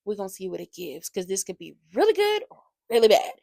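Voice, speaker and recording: A woman recapping a reality show for her channel, animated and fired up, talking straight to her viewers. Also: medium pitch, fast talker, gravelly, dry recording, clean studio sound. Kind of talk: casual recap commentary.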